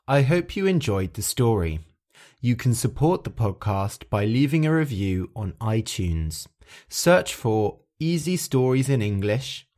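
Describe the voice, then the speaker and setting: A man hosting a story podcast, narrating clearly and expressively for English learners. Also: medium pitch. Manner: clear, expressive, carefully paced.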